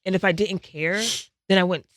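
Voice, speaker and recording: A man chatting casually as a podcast co-host, telling animated stories. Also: high-pitched, normal speed, no echo, clean studio sound. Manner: animated storyteller. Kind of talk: casual chat.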